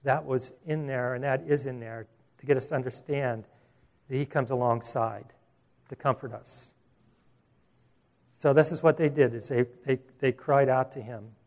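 A man preaching a sermon as pastor, earnest, restarting phrases and slowing down for emphasis. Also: mid-range voice, fairly even intonation, a little mellow.

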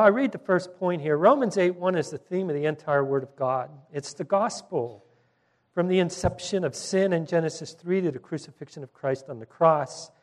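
A man preaching a sermon, teaching earnestly and swinging from soft, trailing line endings to sudden emphatic rises. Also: a little high. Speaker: pastor.

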